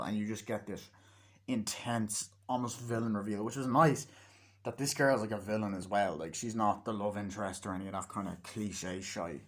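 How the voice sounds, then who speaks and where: A man's voice: fairly low pitch, moderate pace. A man giving a casual, rambling film review, swearing freely and acting out scenes as he retells them. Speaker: movie reviewer.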